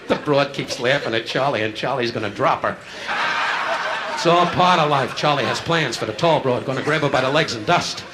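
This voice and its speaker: A male stand-up comedian doing insult comedy, firing brash, rapid jabs at audience members from a nightclub stage. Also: mid-range voice. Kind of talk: insult comedy crowd work. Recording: live club recording, loud laughter, hiss.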